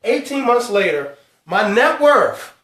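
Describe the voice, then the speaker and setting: A man hosting a live financial talk, stressing each number slowly and calling out to his viewers. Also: very high-pitched, big pitch swings, a bit bright, far from the mic, a little hiss or hum. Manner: emphatic, drawn-out numbers, calls out to viewers. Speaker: host. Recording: echoey room, speaker away from mic.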